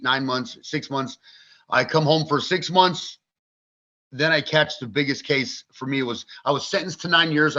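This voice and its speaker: A man in his forties, speaking as a podcast guest in a fairly high, sharp-edged voice. He tells his story bluntly and vividly, with plenty of swearing. The recording sounds dull and lo-fi. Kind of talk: candid interview storytelling.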